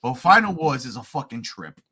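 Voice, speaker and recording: Excitable, husky-voiced man host. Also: medium pitch, a little fast. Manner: excitable, profane, laughs and shouts often. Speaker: podcast host. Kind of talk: casual chat.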